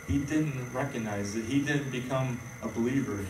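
A man's voice: mid-range voice, moderate pace, noisy background. A man preaching an informal sermon, rambling and conversational with many fillers and restarts. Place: church hall. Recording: echoey room, voice from far off.

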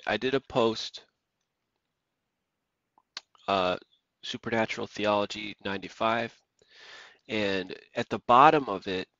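A man preaching with a fairly low voice, emphatic and prone to repeating himself as he reads verses aloud. The recording is dry, with no room sound, and slightly muffled in tone. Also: a bit bright, dry recording. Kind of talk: preaching sermon monologue.

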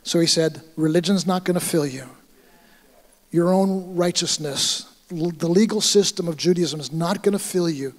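High-voiced American pastor preaching. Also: male voice, moderate pace, in a large hall. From United States. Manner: storytelling, acting out dialogue, animated. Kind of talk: sermon. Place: church hall.

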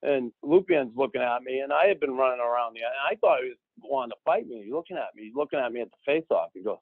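A man, telling a story as a podcast guest in an animated way, acting out the people he quotes. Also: mid-range voice, fast talker, gravelly, hardly any pauses, no room sound. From Boston. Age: 60s. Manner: animated, acts out quoted people, keeps adding "right?". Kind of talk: casual storytelling. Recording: dry, phone-like narrow sound.

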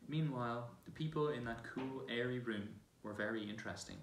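A man reading a children's novel aloud in a steady, plain way, in a large church. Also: mid-range voice, fairly quick. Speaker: reader. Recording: roomy church from far off, faint hiss.

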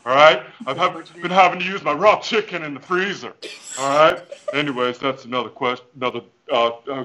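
A man's voice: mid-range voice, sharp tone, pitched below the performer's own voice, natural voice, low-quality recording. A man playing a hammy fitness-coach preacher. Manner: hammy, playful, over-the-top motivational patter. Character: goofy overconfident male fitness coach and preacher. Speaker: fitness guest. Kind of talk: comic character interview over video call. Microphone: headphones with mic.

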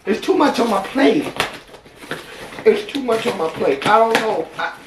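A man's voice: high voice, lively intonation, unhurried. A man with an Ohio accent unboxing fan mail in a vlog, emotional and exclaiming, repeating himself. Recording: echoey room, distant mic, background noise.

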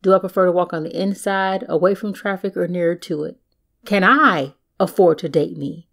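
A sassy woman chatting through her own solo podcast. Her voice sits low and carries a gravelly fry, and she talks in a playful, conversational way full of slang asides. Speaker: podcast host. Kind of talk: casual solo podcast monologue.

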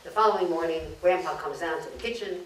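A woman from Brooklyn telling jokes to an audience, her voice a bit low and caught from some distance. The room rings noticeably around her, with a faint hiss underneath. She chuckles between punchlines. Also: fast talker. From Brooklyn, New York. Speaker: humorous speaker. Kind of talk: comic lecture telling jokes. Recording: roomy, distant mic, faint noise.

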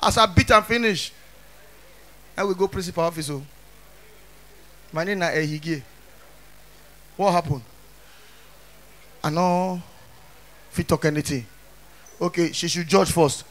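A young Nigerian man doing stand-up comedy in pidgin, telling stories with animated voices and sudden shouts. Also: on the high side, measured pace, long pauses.

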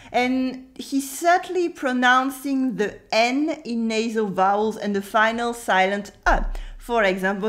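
A French woman from France explaining spoken French in a scripted lesson, slowing down to model pronunciations. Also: on the high side. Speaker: French teacher.

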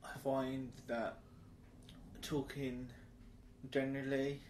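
Slow, slurred man. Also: medium pitch, flat delivery, noisy background. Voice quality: slurred speech. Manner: slow, halting, with restarts. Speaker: vlogger. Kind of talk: casual talking to camera.

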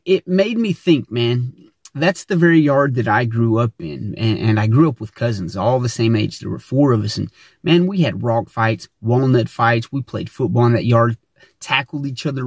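Husky middle-aged male host, earnest motivational monologue, dry close sound. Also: mid-range voice, a little mellow, no room sound. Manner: earnest and emphatic, with frequent word repeats.

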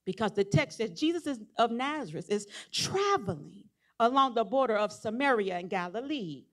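A middle-aged woman preacher with a high voice delivers a sermon. She retells a scripture story in a low, measured way, then builds to loud, repeated rhetorical questions aimed at the congregation. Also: very animated. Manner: builds from quiet storytelling to shouted appeals.

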